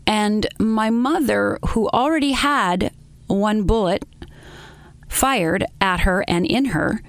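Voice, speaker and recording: A woman interview guest telling her personal story in an earnest, halting way, with many pauses. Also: medium pitch, no echo.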